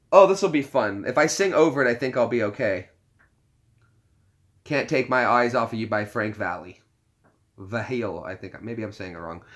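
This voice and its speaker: A man in a mid-range voice, bright and forward, chats loosely with viewers on a live stream. Between fillers and restarts he teases himself, keeps the mood joking, and laughs often.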